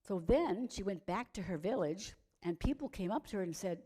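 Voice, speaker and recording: A woman telling a gentle children's story at a worship service, pausing to ask the audience questions. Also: mid-range voice, expressive.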